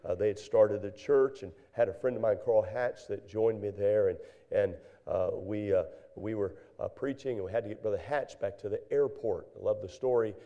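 An older man preaching a sermon, telling folksy stories in an animated way, with many fillers and acted-out dialogue. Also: fairly low pitch, moderate pace, hardly any pauses, lo-fi sound. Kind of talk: sermon with storytelling.

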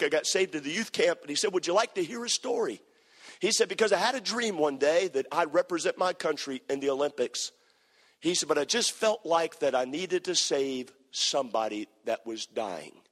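A man preaching a sermon, telling a story with impassioned, repetitive phrasing that builds to near-shouted climaxes. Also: fairly high pitch. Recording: long hall reverb.

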